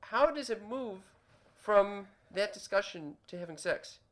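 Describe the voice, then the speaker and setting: Lively, incredulous co-host. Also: medium pitch. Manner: incredulous, halting questions. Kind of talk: casual interview chat.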